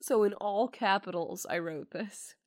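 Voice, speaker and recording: A woman's voice: medium pitch, measured pace. A woman co-hosting a casual podcast, ranting about a bad movie and reading out her angry notes with plenty of swearing. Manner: exasperated, profane, reads out her notes. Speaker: podcast co-host. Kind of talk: casual movie review chat.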